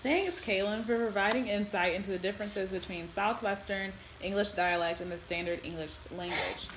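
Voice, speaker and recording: A woman's voice: medium pitch, moderate pace, fairly bright tone, echoey room, slight background noise, poor audio. A woman reading a prepared class presentation in a plain, informative way. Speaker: student presenter.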